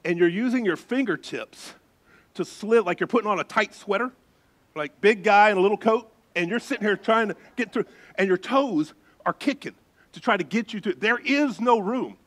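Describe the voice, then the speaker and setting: A male pastor preaching a sermon, telling a story with lively turns and hushed, suspenseful drops. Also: sits high, normal speed.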